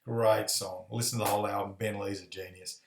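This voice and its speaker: An Australian airline pilot giving a casual, rambling, friendly video message full of fillers. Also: male voice, fairly low pitch, little pitch movement, a little fast, gravelly, distant mic, faint music behind. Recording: echoey room.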